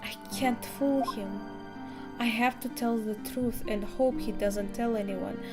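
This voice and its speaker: A woman's voice: on the high side, fairly even intonation, a little slow. A woman reading aloud the lines of a frightened young runaway ballerina, a little hesitant, with game music behind. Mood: fearful.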